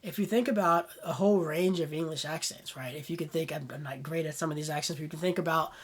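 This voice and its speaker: Guy explaining latin, husky voice, lots of ums, laid back. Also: fairly high pitch, quick pace. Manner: relaxed, thinking aloud with many fillers. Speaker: Latin teacher. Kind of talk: casual spoken lesson.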